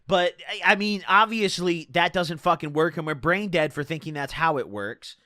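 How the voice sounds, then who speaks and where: A man's voice: on the high side, normal speed, bright, forceful tone, no echo, clean studio sound. A man in his twenties casually telling a rambling, profane story from his own life. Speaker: streamer.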